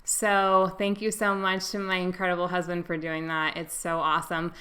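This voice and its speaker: Bright-voiced woman vlogging earnestly. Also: fairly low pitch, flat delivery, moderate pace. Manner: earnest, emotional, heartfelt. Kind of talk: casual to-camera update.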